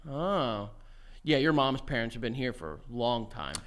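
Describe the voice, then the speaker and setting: A man's voice: medium pitch, sing-song, normal speed, fairly bright tone. A young man co-hosting a podcast, joking in profane, casual banter that often trails off mid-thought. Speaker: podcast co-host. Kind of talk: casual chat.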